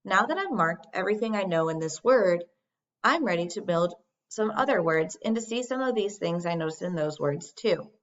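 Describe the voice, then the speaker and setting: A woman teacher giving a recorded phonics lesson, speaking slowly and deliberately as she models sounds for young children. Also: lowish voice, animated. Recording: dull lo-fi sound.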